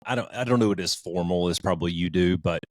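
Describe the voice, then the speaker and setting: A man's voice: deep voice, quick pace, dry recording. A man co-hosting a podcast, chatting casually and rambling through book recommendations with restarts and mild swearing. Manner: rambling, frequent restarts, informal and a bit profane. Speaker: podcast co-host.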